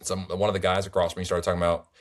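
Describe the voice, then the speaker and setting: Young man, very deep voice, rambling animated storyteller, casual recap. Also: racing. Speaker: tournament player guest.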